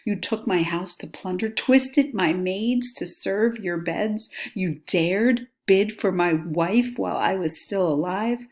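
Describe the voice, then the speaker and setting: A woman reading aloud the lines of a furious, vengeful king in a slow, grave, threatening way. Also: mid-range voice, darkish tone. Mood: grim, threatening. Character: furious vengeful king, older man, grim.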